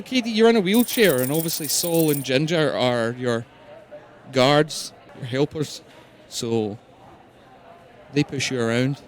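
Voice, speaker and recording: A man, casually narrating a tabletop game as game master. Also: on the high side. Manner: casual, chatty, with fillers.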